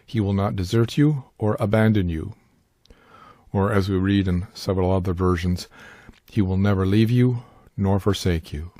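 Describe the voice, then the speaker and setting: Measured, mellow-voiced male Bible teacher. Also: on the low side, no room sound, clean studio sound. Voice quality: measured, deliberate, careful pronunciation of Greek terms. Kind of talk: scripted Bible word study.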